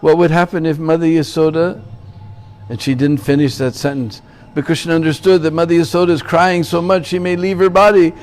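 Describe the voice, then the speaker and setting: A man preaching in a temple, telling a sacred story and checking in with his listeners. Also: high voice. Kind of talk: sermon storytelling.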